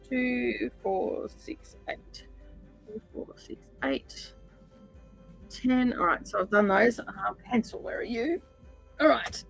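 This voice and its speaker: A woman's voice: medium pitch, a bit bright, rough recording. A woman hosting a stitch-along livestream, chatting casually with many fillers and drifting from the mic while she sorts threads.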